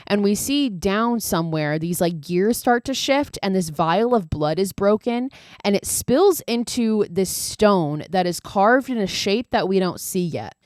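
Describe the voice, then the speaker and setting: A woman podcast host recaps a film casually, swearing a lot and gushing in asides. Her mid-range voice is expressive, unhurried and darkish, and the recording is dry with clean studio sound.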